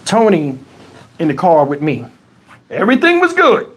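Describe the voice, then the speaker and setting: High-voiced man telling stories profanely. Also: normal speed, husky. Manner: animated, profane, rambling. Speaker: live stream host. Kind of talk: casual storytelling on a live stream.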